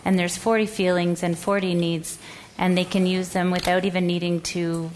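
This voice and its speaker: A woman's voice: fairly low pitch, level tone, moderate pace, darkish tone, a little hiss or hum. Woman presenting, storytelling. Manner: storytelling, acts out quoted voices. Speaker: educator presenting. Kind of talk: presentation talk.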